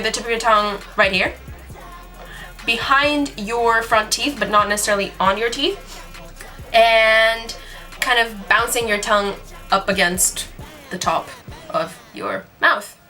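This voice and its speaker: Young woman teacher, bright tone, chatty and giggly, soft music underneath. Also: a little high, slow. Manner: chatty, giggly, demonstrates sounds out loud. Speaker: language teacher. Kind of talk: casual video lesson.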